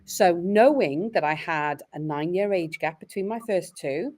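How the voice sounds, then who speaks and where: A woman's voice: on the low side, measured pace. A middle-aged Welsh woman talking openly and reflectively as a parent in a podcast conversation. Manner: earnest, reflective, expressive storytelling.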